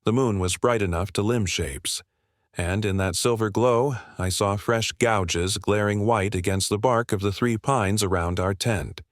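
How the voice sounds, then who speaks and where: A middle-aged man narrating a camping horror story in a slow, hushed, ominous way. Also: fairly low pitch, no room sound, studio quality.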